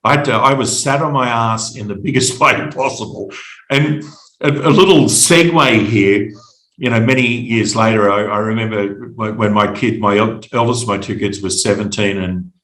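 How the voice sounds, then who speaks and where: A middle-aged Australian man telling his personal story as a podcast guest, halting and reflective, often repeating words. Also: lowish voice, fairly bright tone, reverberant, rough recording.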